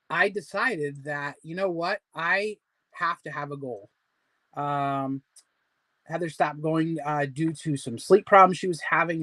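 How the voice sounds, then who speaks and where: A man's voice: a little high, fairly bright tone, no echo. Rambling, upbeat man in his forties. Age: 40s. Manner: rambling, filler-heavy, motivational. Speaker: host of a weight-loss support group. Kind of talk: casual livestream chat.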